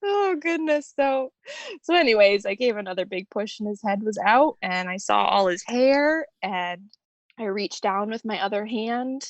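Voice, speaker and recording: A woman guest telling her own story in an emotional interview, tender, with soft laughter through tears. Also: mid-range voice, lively intonation, normal speed, dry recording, muffled recording.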